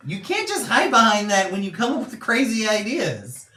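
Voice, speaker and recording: A man's voice: high voice, sing-song, moderate pace, sharp tone. A man playing a tabletop game, playful and teasing, retelling the story. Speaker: player. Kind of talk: casual tabletop role-play. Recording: echoey room, distant mic.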